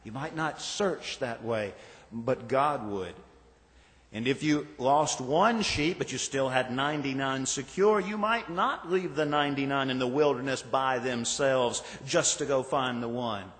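A man preaching a sermon as pastor, earnest and rhetorical, slowing down for emphasis in a church sanctuary. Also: medium pitch, a bit bright. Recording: reverberant hall.

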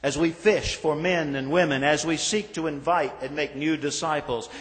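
A male pastor delivers a sermon in a measured, deliberate cadence, drawing out lists of words and letting his lines fall away. His voice sits a touch high for a man. Long reverb from the sanctuary trails each phrase. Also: fairly even intonation, fairly bright tone. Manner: measured preaching with slow emphatic lists and falling endings. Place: church sanctuary.

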